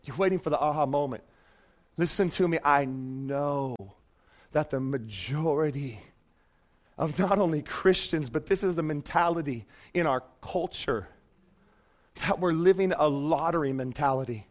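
A man preaching a fervent sermon as pastor in a church, moving from quiet asides to shouted commands. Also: on the high side, a little slow.

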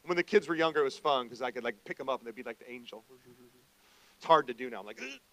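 A pastor preaching a conversational sermon, dropping into quiet reflection and rising into loud, emphatic preaching. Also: male voice, medium pitch, quick pace, low-quality recording.

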